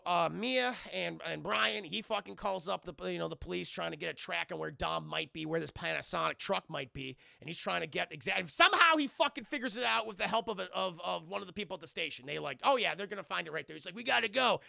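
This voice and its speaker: A high, gravelly male voice with a bright, forceful edge, talking fast and loose as he recaps a movie for his chat. He is animated and swears freely. The sound is dry and close. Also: dry recording. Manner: animated, profane, talks to chat, acts out characters. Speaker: streamer reviewing a film. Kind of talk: casual scene-by-scene recap to a live chat.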